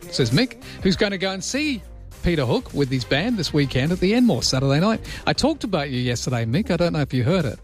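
Chatty Australian radio host. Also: male voice, mid-range voice. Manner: chatty, self-deprecating, jokey. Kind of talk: early-morning radio chat and newspaper review. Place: radio studio. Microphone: close studio microphone.

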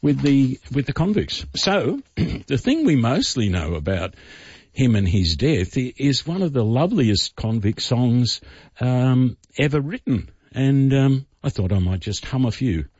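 A man's voice: mid-range voice, sing-song, unhurried, a little mellow, husky, no echo. A man telling history stories on the radio, in a rambling way with many fillers and restarts. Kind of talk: casual radio storytelling. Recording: dull dry radio studio sound.

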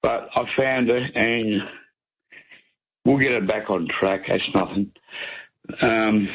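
A man's voice: medium pitch, gravelly, breathy edge. An Australian man calling in to a radio show over the phone, rambling in a blunt, colloquial way. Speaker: caller. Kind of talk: talkback radio call. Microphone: phone line. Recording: tinny phone line.

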